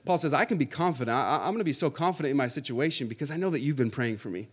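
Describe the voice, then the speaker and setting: A pastor preaching a sermon, building from calm explanation to loud, emphatic passages, with repeated words and calls for the congregation to respond. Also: male voice, mid-range voice, husky. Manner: rising to emphatic, loud preaching with slow stressed phrases; repeats words and uses audience call-outs.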